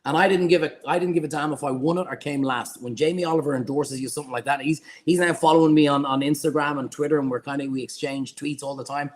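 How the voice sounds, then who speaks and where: A middle-aged Irish man, a guest chef, telling rambling, animated anecdotes in a casual interview. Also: a little high, quick pace, hardly any pauses. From Ireland.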